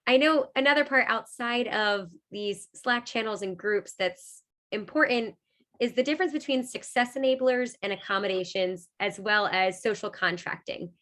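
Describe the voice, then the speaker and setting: A woman's voice: medium pitch, normal speed, fairly bright tone. Woman hosting a fireside chat. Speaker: interviewer, event host.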